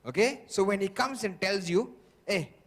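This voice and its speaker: In an echoey hall, a man with a high-pitched, fairly bright voice delivers an emphatic motivational sales training talk at normal speed. He repeats himself and keeps checking in with the audience, asking "okay?" over and over.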